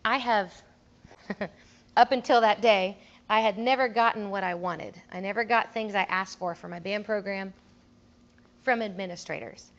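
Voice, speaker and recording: A woman's voice: medium pitch, a little slow. A young woman, a music teacher giving a casual conference talk, chatty, laughing often and acting out quotes. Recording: dull, lo-fi room recording.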